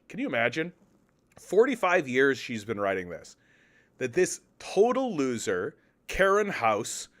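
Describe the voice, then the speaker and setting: A man from Canada giving casual political commentary on an article, with profane, sarcastic, exasperated ranting. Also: medium pitch.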